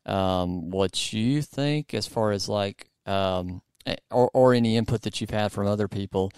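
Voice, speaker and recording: Male host, casual interview chat, low voice, clear and resonant, rambling with fillers. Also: measured pace, a little mellow, no echo, clean studio sound. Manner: rambling, many fillers and restarts. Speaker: podcast host.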